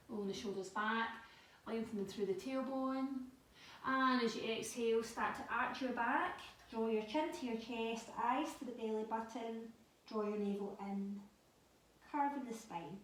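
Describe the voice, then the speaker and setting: A woman guides a yoga session in calm, unhurried cues. Her voice sits a little back from the microphone and rings in a very echoey room, with a faint hiss underneath. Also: on the high side. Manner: calm, slow guiding cues. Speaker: yoga instructor. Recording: echoey room, voice a bit far from mic.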